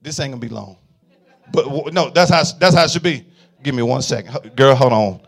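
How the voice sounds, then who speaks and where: A male pastor preaching a sermon in a call-and-response style, swinging from quiet murmurs to fervent shouts. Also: mid-range voice, brisk.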